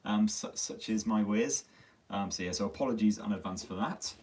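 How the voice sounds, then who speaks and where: Low-voiced Sunderland man, a bit far from the mic. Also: normal speed, darkish tone. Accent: Northern English (Sunderland). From Sunderland, North East England. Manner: chatty, swears freely, self-mocking. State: slightly losing his voice. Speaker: tech channel host. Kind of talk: casual live-stream chat. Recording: distant mic on a phone stream.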